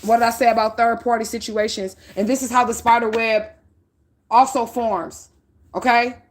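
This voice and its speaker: A middle-aged woman spiritual reader with a slightly high voice, lecturing her listeners in a blunt, profane, preachy way. She hammers her points home with repetition and strong emphasis. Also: little pitch movement, normal speed. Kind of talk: livestream spiritual reading.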